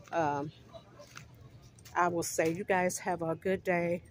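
A woman's voice: fairly low pitch, slow, pauses often, a little hiss or hum. A woman vlogging on a handheld phone, chatty and affectionate toward her viewers, out of breath from walking outdoors and then through a store. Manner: chatty, affectionate, addresses viewers as you guys. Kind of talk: casual vlog chat to viewers. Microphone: phone held in hand.

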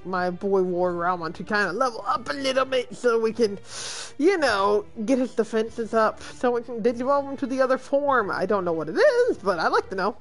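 Excitable woman streamer, lively pitch. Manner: excitable, exclaims and laughs often. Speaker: let's play streamer. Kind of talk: gaming commentary.

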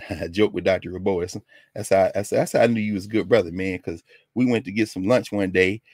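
An older man from Tennessee telling a personal story in a lesson, animated and acting out the people he quotes. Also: low voice, a little fast, no echo, clean studio sound. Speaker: lecturer.

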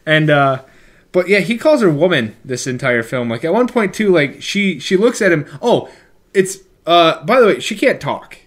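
A man's voice: on the high side, sing-song, normal speed. A man co-hosting a casual comedic movie podcast, rambling with lots of "like" fillers and sudden bursts of mock outrage. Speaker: podcast co-host.

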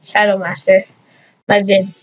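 A woman's voice: medium pitch, completely flat delivery, unhurried, muffled recording, a little hiss or hum. A woman hosting a casual reaction video, laughing and cringing at her own old clips in a playful, embarrassed way.

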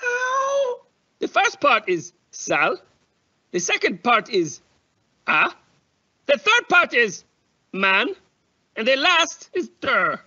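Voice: medium pitch, big pitch swings, slow, pauses often, pushed and bright. A teacher leading a children's phonics lesson, clapping out syllables in an exaggerated sing-song way. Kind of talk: cheerful children's lesson narration. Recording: dull lo-fi sound with faint noise.

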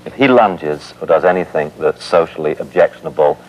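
A man's voice: very deep voice, fairly quick, muffled recording. A man, a dog trainer, firmly coaching a dog owner on how to handle the leash, on an older TV recording. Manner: instructive, firm.

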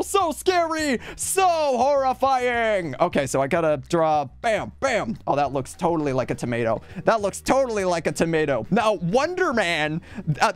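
A man hosting a gaming video, chatting casually and narrating each stroke as he draws, with playful mock announcer bits. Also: on the high side. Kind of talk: casual commentary while drawing.

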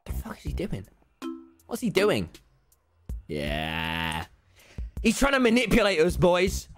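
A young man commentating his gameplay live, his pitch swinging all over the place as he shouts, swears and rants. Faint game music plays behind him. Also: moderate pace. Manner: loud, excitable, swears and shouts often. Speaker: gaming streamer.

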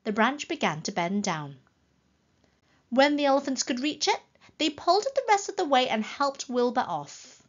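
A woman reading a children's story aloud in a slow, gentle, expressive way. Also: high voice, lo-fi sound.

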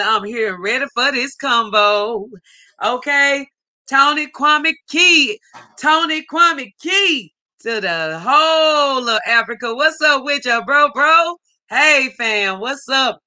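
Woman hosting a live stream, slow easy talk, very bright sharp tone, calling out chat names. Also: sits high. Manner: upbeat, greets viewers by name, reads chat aloud. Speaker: livestream host.

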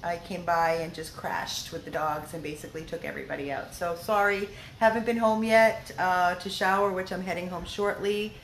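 A woman's voice: fairly low pitch, fairly even intonation, moderate pace, hardly any pauses. A woman who runs a dog rescue, giving a heartfelt, chatty video update from the rescue house on her phone, with lots of fillers. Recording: echoey room with faint noise.

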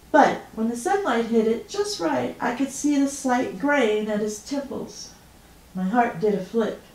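A woman's voice: medium pitch, darkish tone. Woman reading a novel aloud. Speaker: author reading her own book. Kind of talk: first-person audiobook narration. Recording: roomy echo.

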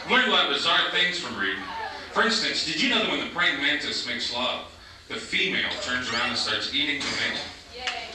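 A man doing a stand-up comedy set on a club stage, telling stories in a deadpan way and slipping into mock voices for other people. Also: on the high side, brisk. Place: comedy club stage before a live audience. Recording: echoey 1990s club recording from a distance, noisy. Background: audience laughter.

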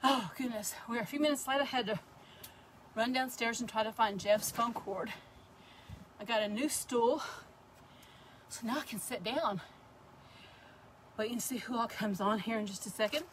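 A woman hosts a homey crafting livestream, talking through each step and calling out to viewers by name. Her voice sits a little high. A faint hiss sits under the recording. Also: normal speed, long pauses. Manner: chatty, greets viewers by name while working. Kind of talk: casual crafting livestream chat.

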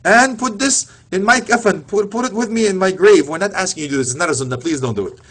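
A preacher with a high, slightly bright voice delivers an emotional Islamic lecture at a fast clip. He retells stories passionately and sprinkles Arabic phrases throughout.

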